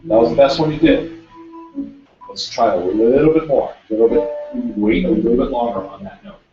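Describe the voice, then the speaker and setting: A man's voice: medium pitch, a little fast. A man teaching guitar one-on-one, giving direct instructions and often repeating them. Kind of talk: one-on-one music lesson. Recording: roomy, distant, dull lo-fi sound with guitar.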